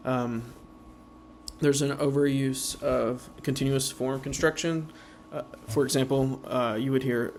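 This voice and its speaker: A man giving an informal slideshow presentation, halting with many fillers and slowing down to sound out example words. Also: mid-range voice, steady tone, a little mellow, a little hiss or hum.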